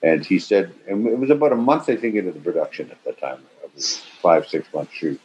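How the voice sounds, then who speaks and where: An older man on a video call telling an animated anecdote, acting out quotes with swearing and sudden loud bursts. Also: low voice, fairly quick, slight background noise. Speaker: actor interview guest. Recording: slightly muffled video-call audio.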